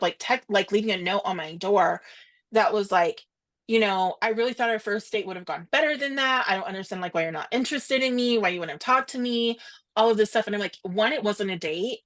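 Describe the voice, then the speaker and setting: A young woman co-hosting a podcast, telling a story in casual chat, animated and quoting others in quick asides. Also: mid-range voice. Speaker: podcast co-host.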